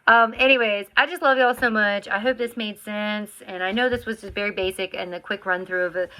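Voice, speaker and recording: A woman's voice: medium pitch, fairly even intonation, a little fast, pushed and bright. A woman chatting casually to camera as a vlogger, rambling with plenty of fillers and restarts.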